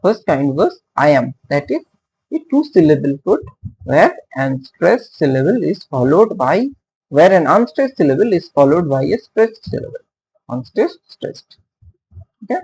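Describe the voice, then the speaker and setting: A male teacher, explaining poetry meter in a halting way, with many fillers and questions put to his listeners. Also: a little high, very animated, creaky, a little mellow, low-quality recording. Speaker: literature teacher. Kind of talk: casual classroom-style explanation.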